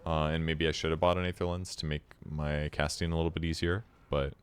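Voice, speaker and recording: A man giving casual replay commentary on his own game, relaxed and self-critical as he explains his choices. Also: rumbling low, brisk, a little hiss or hum.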